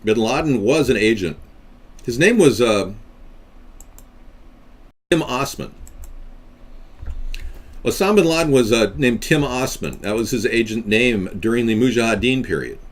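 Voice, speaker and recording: Male livestream host, rambling casual talk, lively up-and-down pitch. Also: a little slow, pauses often. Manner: rambling, with frequent restarts and asides.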